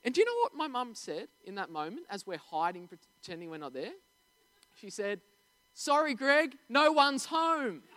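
A man's voice: sits high, a little fast, in a large hall. A man preaching a sermon, telling stories with energy and asking the congregation questions. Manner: storytelling, animated, asks the audience questions. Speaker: pastor.

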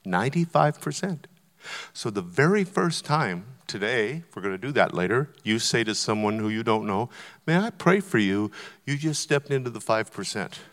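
A man's voice: mid-range voice, animated, moderate pace, a bit bright. An older man preaching a sermon to a congregation, conversational and emphatic, urging them on. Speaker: guest preacher. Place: church auditorium. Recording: long church hall reverb.

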